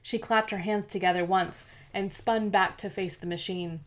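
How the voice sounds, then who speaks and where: A woman reading a novel aloud as narrator, in a steady, measured storytelling manner. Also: mid-range voice. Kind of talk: scripted audiobook narration.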